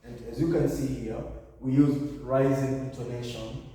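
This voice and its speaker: A man's voice: mid-range voice, flat delivery, normal speed, warm tone. A man giving a revision lesson, explaining step by step and often correcting himself. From Kenya. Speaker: teacher. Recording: echoey room, far from mic.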